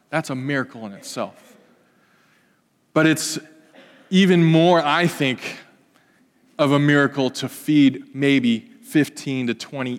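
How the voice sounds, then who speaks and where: A man preaching a sermon as pastor, swinging between loud emphatic passages and soft hushed ones. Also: fairly high pitch. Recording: long hall reverb.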